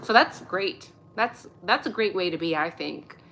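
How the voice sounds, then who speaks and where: A woman's voice: on the low side, expressive, unhurried, creaky, sharp tone, slight background noise. A woman hosting her own channel, talking through her opinions in a loose, conversational way and tagging her points with "right?". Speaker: channel host. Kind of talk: casual opinion commentary.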